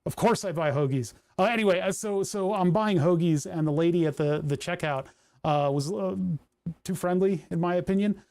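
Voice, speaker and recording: A man's voice: high voice, moderate pace, a little mellow. A man from Pennsylvania livestreaming, chatting casually and rambling while reading his chat aloud. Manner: rambling, self-deprecating, reads chat aloud. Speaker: streamer.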